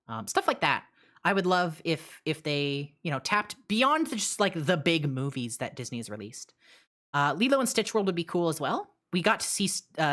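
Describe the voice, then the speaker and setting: A woman streamer chats casually at a desk mic, answering her live chat. Her voice sits low yet swoops widely, and she rambles bluntly through fillers and restarts. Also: fairly bright tone.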